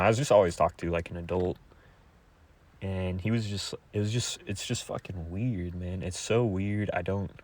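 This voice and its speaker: A young man talking to his viewers in a crude, rambling monologue, halting with many fillers. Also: low-pitched.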